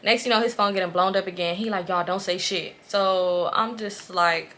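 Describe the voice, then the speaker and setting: Bright-voiced woman telling a profane story. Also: medium pitch, fairly quick. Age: late 20s. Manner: profane, animated, expressive storytelling. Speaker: vlogger. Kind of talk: casual storytime.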